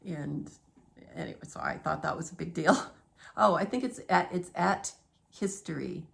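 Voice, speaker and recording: Gravelly-voiced chatty woman rambling at home. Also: low-pitched, normal speed. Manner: chatty and digressive, laughing often. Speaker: vlogger. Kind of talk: rambling casual monologue.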